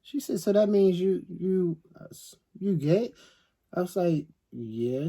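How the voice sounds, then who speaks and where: A middle-aged man co-hosting a storytime chat, telling stories with animated energy and acting out the voices of others. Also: fairly high pitch, normal speed. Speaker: co-host.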